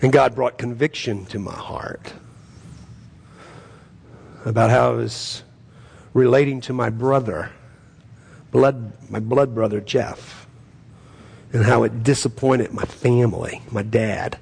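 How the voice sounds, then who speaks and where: A man with a gravelly, husky voice preaches as a pastor. He talks in an earnest, pleading way, and his emphasis swells through the prayers. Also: medium pitch, slow, pauses often, a little mellow. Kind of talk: sermon and prayer.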